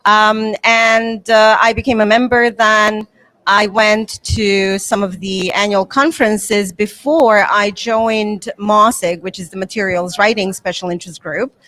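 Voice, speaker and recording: A woman's voice: mid-range voice, steady tone, a little slow, fairly bright tone. A woman in her forties from Bosnia and Herzegovina, a new association president giving an earnest conference interview.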